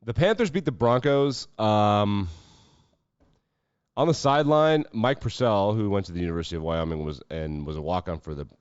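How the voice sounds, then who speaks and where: Deep-voiced male podcast host, sarcastic and profane, dry dull mic. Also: clear, resonant tone, no room sound. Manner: sarcastic, profane, quick asides. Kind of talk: casual sports commentary.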